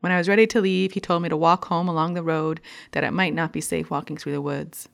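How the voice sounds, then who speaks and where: A woman with a gravelly, low voice reads a memoir essay aloud. She delivers it in a measured, deliberate way, slowing down over each list. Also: steady tone. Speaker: reader.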